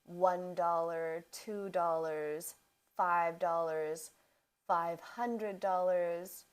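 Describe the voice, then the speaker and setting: A woman, giving a vocabulary lesson in a careful, deliberate way and repeating examples for learners. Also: on the low side, steady tone, smooth. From Canada. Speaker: English teacher. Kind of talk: slow, clear teaching explanation.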